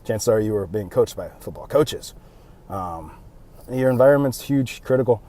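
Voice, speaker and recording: A man's voice: lowish voice, lively intonation, normal speed, mellow. A young man talking casually and rambling a bit, out of breath, recorded on a handheld phone while doing cardio outdoors. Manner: loose, rambling, with fillers and self-mocking asides. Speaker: powerlifting vlogger. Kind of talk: casual vlog monologue. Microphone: phone held in hand.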